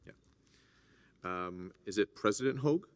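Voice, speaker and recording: A man chairing a formal assembly, speaking in a measured, hesitant way with many fillers. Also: lowish voice, expressive. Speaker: meeting chair.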